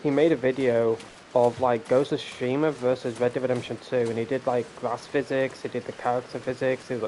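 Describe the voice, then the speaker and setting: Male gaming host, casual commentary, rambling, ranty, swears a lot, mid-pitched voice. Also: level tone, fairly quick, a little mellow, slight background noise. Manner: rambling, ranting, swears freely.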